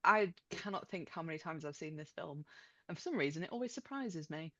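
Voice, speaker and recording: Female guest, Yorkshire accent, very low pitch, dry close sound, giggly. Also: lively intonation, fairly quick, sharp tone, dry recording, muffled recording. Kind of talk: casual chat.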